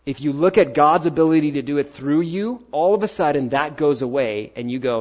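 A male pastor delivering a sermon in a middle-pitched voice. He fires punchy rhetorical questions and swings between loud urging and quiet asides. The sound is dull and slightly muffled. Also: fairly quick, hardly any pauses.

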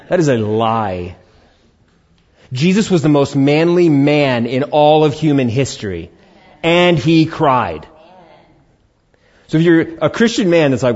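Pastor preaching, loud then hushed. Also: male voice, fairly high pitch, very animated, takes it slowly, dull audio. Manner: swings from loud emphasis to hushed, soft asides. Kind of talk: sermon.

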